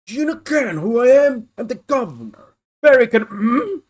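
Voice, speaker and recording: A woman voicing a huge, gruff middle-aged male prison governor, speaking in a rough, menacing, suspicious way. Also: on the high side, very animated, normal speed, pitched above the performer's own voice. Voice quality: rough, gravelly put-on voice.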